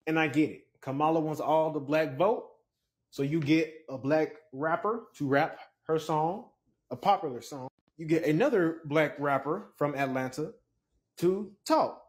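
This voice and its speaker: A man giving an animated, exasperated opinion in a casual clip. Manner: animated, pitch swinging up when exasperated. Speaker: commentator.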